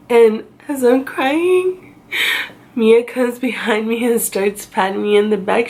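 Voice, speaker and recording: Slow, gravelly-voiced woman telling a story. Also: darkish tone. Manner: chatty, self-mocking, acts out her own past crying in a high wail. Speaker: vlogger. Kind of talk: casual story time.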